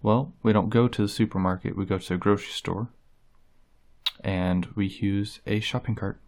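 A man doing a casual tag video, reading words off a list in an unhurried way with frequent "uh" fillers. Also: fairly low pitch, steady tone, a little mellow. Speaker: vlogger.

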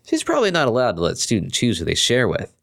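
A man's voice: medium pitch, huge pitch swings, fast, gravelly, a bit bright, voice pushed up, heavily acted. A man voicing a moody young female unicorn DJ, blunt and sarcastic, in a fan fiction reading.

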